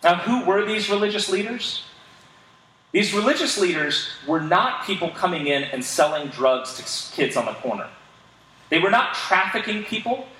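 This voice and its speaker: A man's voice: high voice, animated, normal speed, bright, forceful tone. A man preaching a sermon as pastor, earnest and emphatic, posing rhetorical questions to the congregation. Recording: echoey room, distant mic, faint ambience.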